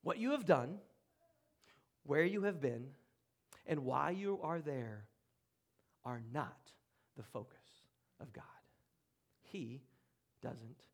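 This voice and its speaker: A man pastor preaching a sermon in a church room, earnest, with dramatic pauses and drops to a hush. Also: on the high side, expressive. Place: church room, speaking from the front.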